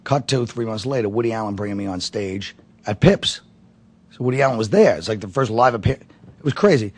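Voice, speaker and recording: Man, comedian, from brooklyn, husky, rambling anecdotes, casual interview. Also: on the low side, animated, fast talker, a little mellow. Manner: rambling, laughing asides, many fillers. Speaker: comedian guest.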